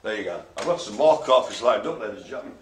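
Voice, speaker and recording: A man's voice: fairly low pitch, animated, racing, a little hiss or hum. A man hosting a live online bingo show, cracking puns and making silly noises between calls. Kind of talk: jokey live bingo calling.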